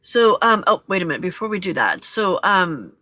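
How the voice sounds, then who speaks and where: The host of a journaling and crafting challenge talks viewers through her monthly reflection in a bright, clear, low-leaning voice with big pitch swings at normal speed. She's gentle and encouraging, checks in with viewers often, and the sound is close and dry with no room echo.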